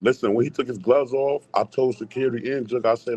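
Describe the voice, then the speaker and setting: A man talking as a boxing guest in casual chat, laid-back, with street slang and quick laughs. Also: mid-range voice, steady tone, darkish tone, breathy edge. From Hartford, Connecticut. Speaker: guest boxer.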